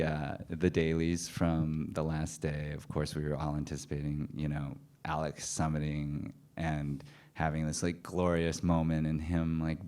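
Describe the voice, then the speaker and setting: A man on a festival panel telling animated behind-the-scenes anecdotes, laughing as he acts out what others said. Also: very deep voice, clear, resonant tone. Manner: animated anecdotes, laughing while acting out quotes. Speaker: film director on a panel. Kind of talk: panel storytelling.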